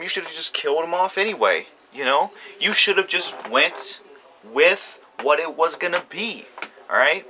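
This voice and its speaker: A man's voice: a little high, lively intonation, normal speed, sharp tone, a little hiss or hum. Heated profane man ranting. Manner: heated, profane, repeats himself. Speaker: YouTube commentator. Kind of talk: ranting TV reaction.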